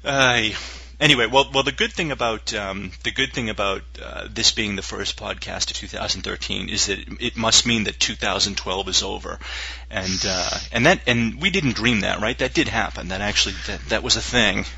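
A man's voice: on the low side, normal speed, vocal fry, bright, forceful tone, slightly rough, dull audio. A man hosting a casual sports podcast, rambling and joking with lots of fillers. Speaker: podcast host.

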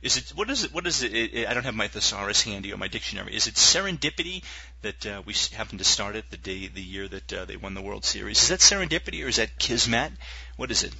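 A man co-hosting a podcast in casual chat, excitable and joking loudly, with many stammered restarts. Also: fairly low pitch, quick pace, creaky. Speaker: podcast co-host. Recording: dull lo-fi podcast audio.

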